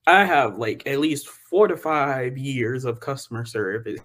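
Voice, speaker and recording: A young man with a mid-pitched voice co-hosting a relaxed talk show. He speaks bluntly and expressively, slipping into mocking imitations as he talks. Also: a little slow. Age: young adult. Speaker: co-host. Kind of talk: casual podcast chat.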